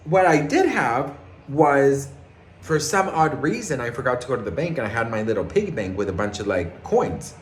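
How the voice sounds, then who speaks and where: A man's voice: medium pitch, sing-song, normal speed. A man vlogging celebrity gossip in a sassy, dramatic way, calling viewers girl and best friend and acting out quotes in raised voices. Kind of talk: casual gossip chat. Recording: echoey room with faint ambience.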